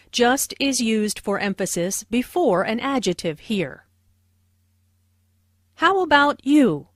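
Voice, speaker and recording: A woman explaining English phrases as a teacher, in a careful, clear lesson voice on a dry studio mic. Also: a little high, no echo. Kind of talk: slow, clear lesson narration.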